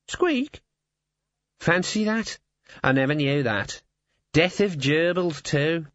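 A man's voice: on the high side, a bit bright, no echo, voice pushed up. A man voicing a chatty, know-it-all male talking raven who teases and gossips in a playful manner. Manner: gossipy and teasing, with a playful stammer. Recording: slightly dull, dry studio sound.

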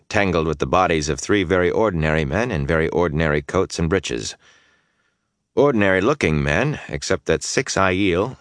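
Deep, animated male audiobook narrator. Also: dry recording, clean studio sound. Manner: intense, dynamic storytelling that swells in battle scenes.

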